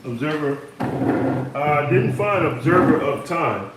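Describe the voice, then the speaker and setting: A man in a study group reading a definition slowly and hesitantly. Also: on the high side, expressive, noisy background. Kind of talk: reading dictionary entries aloud. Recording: echoey room, far from mic.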